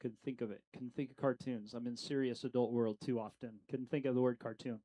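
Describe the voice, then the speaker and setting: A man's voice: mid-range voice, steady tone, a little fast, warm tone, rough recording. A middle-aged man leading a casual Bible study, talking conversationally with lots of fillers and questions to the group.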